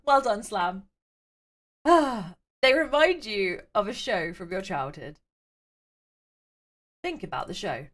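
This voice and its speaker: A woman streaming a game, chatty and playful, reading story text aloud to her chat. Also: a bit bright. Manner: chatty and playful, reads with varied pitch.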